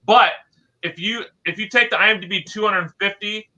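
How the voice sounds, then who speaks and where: A man co-hosting a casual movie podcast, talking in a halting way with many restarts. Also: high-pitched, bright, forceful tone, soft background music. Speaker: podcast co-host. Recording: dull lo-fi sound.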